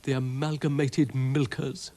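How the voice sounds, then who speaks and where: A man voicing a vain, affected female cow in a cartoon, high and breathy. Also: flat delivery, a little slow, a little mellow, close to an everyday voice. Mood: airy.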